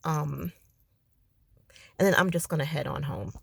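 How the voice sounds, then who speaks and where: A woman's voice: sits low, unhurried, vocal fry, a bit bright, husky, dry recording. Crackly-voiced tired woman vlogging. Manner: rambling and chatty. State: tired, ready for bed. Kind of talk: casual vlog chat. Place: in her parked car by the water.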